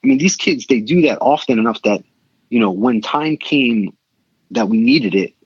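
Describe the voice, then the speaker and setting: A middle-aged man, a podcast guest, telling a story casually and animatedly, with quick excited bursts. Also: mid-range voice, husky, no room sound. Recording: dull lo-fi sound.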